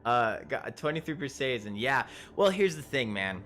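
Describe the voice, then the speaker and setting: A man narrating a tabletop game as game master, casual and halting, with many fillers and restarts. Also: medium pitch, sing-song, bright, forceful tone.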